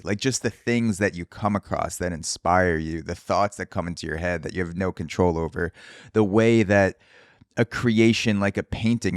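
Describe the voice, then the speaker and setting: Low-voiced man with a dry close sound. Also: no room sound. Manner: animated storytelling, acts out quoted voices, swears casually. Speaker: podcast host. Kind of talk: solo podcast monologue. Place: Brooklyn, New York.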